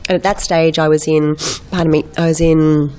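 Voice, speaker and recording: An Australian woman in her thirties tells stories in a lively, chatty way, slipping into quick impressions. Her voice sits a little low for a woman and carries the slight stuffiness of a lingering head cold. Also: clear, resonant tone. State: getting over a head cold. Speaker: guest actress. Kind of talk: casual chat.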